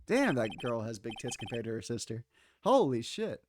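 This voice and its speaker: A man's voice: mid-range voice, sing-song, moderate pace, background noise. A man streaming a video game, making casual, crude and joking asides. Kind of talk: casual let's-play commentary. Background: video game music.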